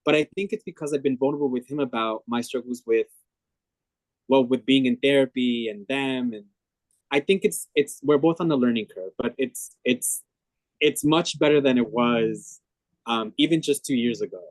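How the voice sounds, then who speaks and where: A man's voice: mid-range voice, moderate pace, no room sound. Man talking openly in an interview. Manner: reflective, open, many fillers and restarts. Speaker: guest. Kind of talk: candid conversational interview.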